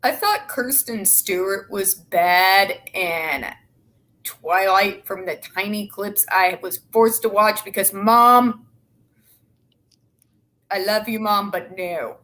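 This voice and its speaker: A woman's voice: mid-range voice, slow, sharp tone. A young woman in casual, opinionated chat, blunt and sarcastic with a lot of swearing. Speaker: show co-host.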